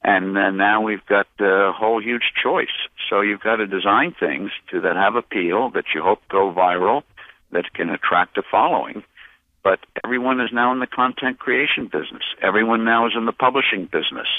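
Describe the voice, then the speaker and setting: Halting deep-voiced man on a tinny phone line. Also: dry recording. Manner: halting, many uh fillers and restarts. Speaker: interview guest, publisher. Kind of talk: unscripted interview answers.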